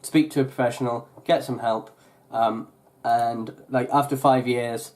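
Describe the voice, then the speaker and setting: A man's voice: medium pitch, steady tone, a little slow, a little mellow. Rambling young man chatting on a vlog. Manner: rambling, full of fillers and restarts. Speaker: YouTuber. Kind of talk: casual vlog chat.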